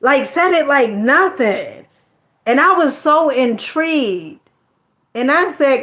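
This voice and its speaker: A woman's voice: sits high, lively intonation, slow, fairly bright tone. A woman telling a personal story in a casual, chatty monologue, often repeating her words and using slang.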